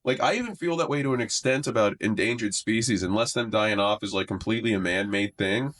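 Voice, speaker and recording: A young man chatting casually on a podcast, rambling with self-deprecating deadpan jokes that often sink lower and quieter as he muses. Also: fast. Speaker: comedian and podcast guest.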